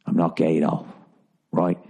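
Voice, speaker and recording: A man voicing a drunk, creepy seventy-year-old man in a clumsy put-on British accent, hushed and halting. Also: very deep voice, flat delivery, husky, pitched below the performer's own voice, exaggerated voice. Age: over 60 (figure).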